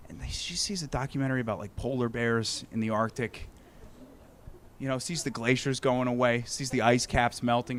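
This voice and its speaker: Male stand-up comic, handheld mic in a club, animated and profane, lively pitch with light room hum. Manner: animated, swearing, acts out characters. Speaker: stand-up comedian. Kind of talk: stand-up comedy set. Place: comedy club stage.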